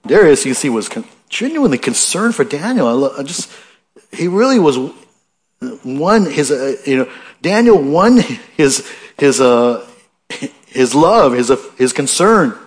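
A man's voice: a little high, very animated, unhurried. A man preaching a sermon in a conversational way, asking his listeners questions and reading scripture aloud with rising emphasis. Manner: conversational, asks the listeners questions, restarts often.

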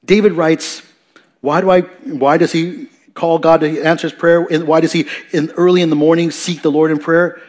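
Male pastor mid-sermon; conversational, self-correcting, swells loud then drops quiet. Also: on the high side, flat delivery, moderate pace. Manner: dynamic preaching, rising for emphasis and dropping soft.

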